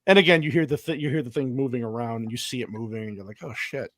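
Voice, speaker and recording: A man hosting a casual movie podcast, excitable, swearing a lot and laughing often. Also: medium pitch, very fast, dry recording. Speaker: podcast host.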